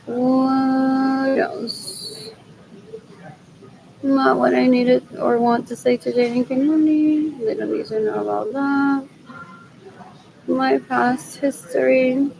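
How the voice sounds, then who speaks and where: A woman's voice: sits high, steady tone, unhurried, vocal fry, noisy background. A middle-aged woman talking to herself in a rambling solo monologue, repeating phrases over and over and slipping Spanish phrases into her English. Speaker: vlogger.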